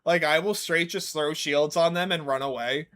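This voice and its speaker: A man's voice: on the high side, moderate pace, pushed and bright. A young man giving casual, self-mocking gameplay commentary, rambling and profane. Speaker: gaming streamer.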